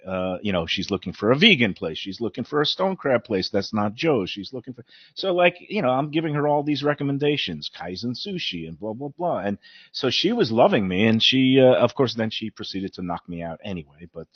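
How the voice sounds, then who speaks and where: A man with a Brooklyn accent hosting a show, telling stories in a casual, animated, mouthy way. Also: fairly low pitch, slightly rough, no room sound. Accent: Brooklyn New York. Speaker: host. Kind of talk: casual chat. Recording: dull lo-fi sound, dry.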